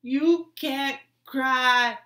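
A woman voicing a heartbroken, fiercely protective young boy in a storybook reading, pleading and shouting with raw emotion. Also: lowish voice, steady tone, slow, slightly rough, full character voice. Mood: furious shouting. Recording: roomy echo.

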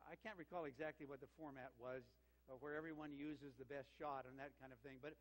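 A man's voice: medium pitch, fast. An older man, an interim senior pastor, telling a story in a sermon with anecdotes. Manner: warm storytelling with lively quoted exchanges. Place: church sanctuary. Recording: reverberant church sanctuary.

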